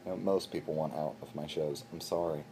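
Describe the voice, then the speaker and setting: A man's voice: very deep voice, steady tone, brisk, background noise. A young man hosting his show, telling a rambling comic story with self-deprecating asides to a silent companion. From Baltimore, USA. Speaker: show host.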